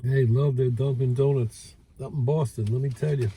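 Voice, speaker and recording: A man with a Brooklyn accent, rambling casually with many pauses while reviewing food outdoors by a lake. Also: mid-range voice, steady tone, mellow, slight background noise.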